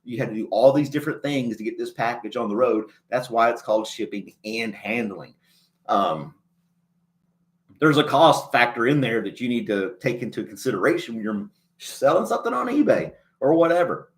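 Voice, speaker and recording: A man hosting a casual livestream chat, rambling in a folksy way and chuckling often, a little choked up and clearing his throat. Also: medium pitch, animated, moderate pace. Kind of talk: casual chat reading a live chat.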